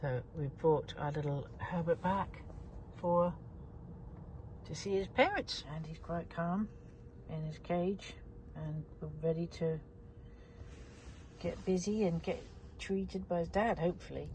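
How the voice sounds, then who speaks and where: A woman's voice: fairly low pitch, a little slow, pauses often, slight background noise. A woman running a budgie vlog, narrating casually and cooing baby-talk to her birds. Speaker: budgie keeper vlogger. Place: bird aviary on a farm. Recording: loud bird chirping behind. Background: budgies chirping and squawking.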